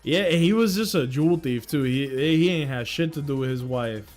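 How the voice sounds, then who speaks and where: A young man rambles casually on his livestream, swearing and breaking into loud outbursts. His voice sits a little high, with faint music underneath. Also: moderate pace. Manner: excitable, swearing, with sudden loud outbursts and laughs. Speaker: streamer.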